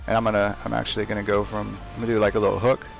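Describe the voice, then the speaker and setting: A man's voice: on the low side, little pitch movement, rapid-fire, gravelly, faint music behind. A young man chatting casually as he streams a game, talking to himself and trash-talking opponents. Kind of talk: casual live gameplay commentary.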